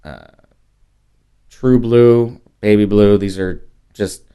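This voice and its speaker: A man's voice: lowish voice, steady tone, takes it slowly, dark tone, clean tone. A man in his forties, chatting casually as a podcast guest, rambling with fillers and restarts. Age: 40s. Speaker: podcast guest, whiskey brand rep. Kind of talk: casual chat.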